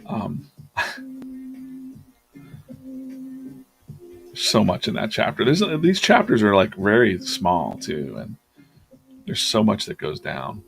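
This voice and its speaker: A man's voice: medium pitch, huge pitch swings, very slow, gravelly, pauses often. A man streaming himself drawing, retelling a story in a loose, rambling way with lots of fillers and restarts. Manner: rambling storytelling with many fillers and self-corrections. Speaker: artist hosting a live drawing stream. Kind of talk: casual chat while drawing.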